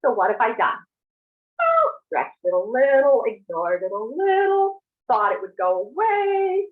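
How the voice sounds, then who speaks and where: A woman in a casual group discussion, telling stories in an animated way. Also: sits high, moderate pace. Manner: animated storytelling. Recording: tinny phone-like call line.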